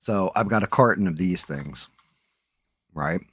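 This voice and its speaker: Profane, rambling middle-aged man with a low voice. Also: measured pace, fairly bright tone, husky, no echo. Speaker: livestream host. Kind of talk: casual live-stream chat.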